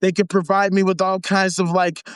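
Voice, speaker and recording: A man's voice: high voice, little pitch movement, moderate pace, clean tone, no room sound, natural voice. A man mocking a smug, clueless male head of state who bumbles and repeats himself.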